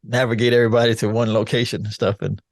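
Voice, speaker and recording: An older man talking in a relaxed, rambling way as an interview guest, laughing now and then. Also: fairly low pitch, fast, dry recording, studio quality. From United States. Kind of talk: casual chat.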